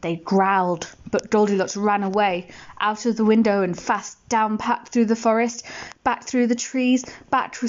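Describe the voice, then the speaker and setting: A woman reading a bedtime story aloud, gentle and expressive, asking the listener questions. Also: on the high side, lo-fi sound.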